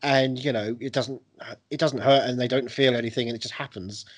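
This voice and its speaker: A man co-hosting a podcast, chatting casually with jokes, swearing and quick impressions. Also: mid-range voice, steady tone. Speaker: podcast co-host. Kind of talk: casual chat.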